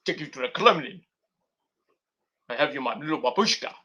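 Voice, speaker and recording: A man's voice: on the high side, expressive, brisk, bright, forceful tone, muffled recording. A man putting on a smarmy mock-Russian charmer. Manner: smarmy, broken English. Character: leering Russian man offering vodka.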